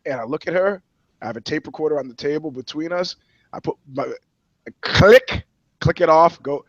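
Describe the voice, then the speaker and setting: A man's voice: a little high, normal speed, long pauses, fairly bright tone, no room sound. Blunt swearing man, lo-fi mic. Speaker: journalist and co-host. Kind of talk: profane podcast chat.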